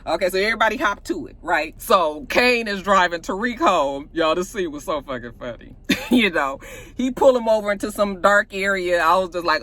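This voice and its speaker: A woman casually recapping a TV episode, animated and profane, acting out the scenes as she goes. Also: medium pitch, normal speed. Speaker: TV show reviewer.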